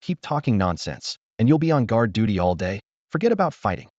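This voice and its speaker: A man's voice: fairly low pitch, sing-song, brisk, a little mellow, no room sound. A man voicing a cold, stern young female squad captain who gives curt orders. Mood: icy. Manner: icy, curt, commanding. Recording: dull lo-fi dry recording.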